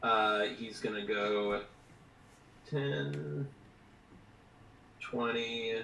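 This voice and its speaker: A man's voice: mid-range voice, measured pace, sharp tone, a little hiss or hum. Chatty man playing a tabletop game. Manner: chatty, rambling, many fillers. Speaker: player. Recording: echoey room, far from the mic.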